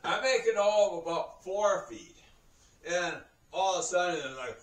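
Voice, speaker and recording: A vlogger tells a casual story in a voice that runs high, sing-song, slightly slow, and a bit bright. He rambles, curses freely, and laughs his way through it. The sound comes from an indoor room, echoing and far from the mic.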